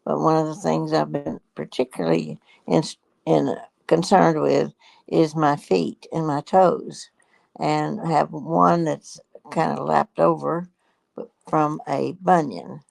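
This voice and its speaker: A woman in her nineties with a gravelly voice, a guest talking in a halting, rambling way in a casual chat. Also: deep voice, fairly even intonation, darkish tone, dry recording, poor audio. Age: 90s.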